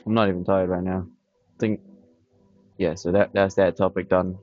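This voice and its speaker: A man with a fairly low voice rambles bluntly to his camera, dismissive and repetitive. The sound is dry and close, with dull lo-fi camera audio. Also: level tone, normal speed, darkish tone, no echo, soft background music. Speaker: vlogger. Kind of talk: casual rambling monologue. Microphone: camera on tripod.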